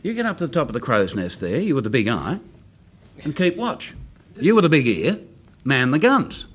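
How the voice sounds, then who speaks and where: A man's voice: mid-range voice, big pitch swings, normal speed. An Australian man telling jokes in a rowdy, laughing manner on a live television comedy show. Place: television studio with live audience. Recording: noisy live TV studio audience. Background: loud studio audience laughter.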